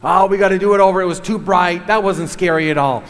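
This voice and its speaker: A man's voice: high-pitched, fast, long reverb tail, pitched above the performer's own voice. A man voicing an impatient male film director barking orders on set.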